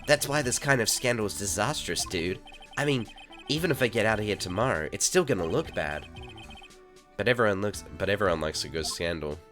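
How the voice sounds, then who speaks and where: Streamer playing a self-absorbed surfer-dude celebrity, low and drawling, faint game music behind. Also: male voice, lively intonation, brisk, a bit bright. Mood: casual. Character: laid-back vain male TV star, surfer dude.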